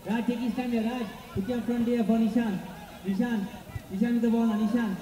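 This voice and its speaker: Male match commentator, high voice, echoey distant loudspeaker at an outdoor ground. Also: fairly even intonation. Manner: rapid player-name calls with playful asides. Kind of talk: live football play-by-play.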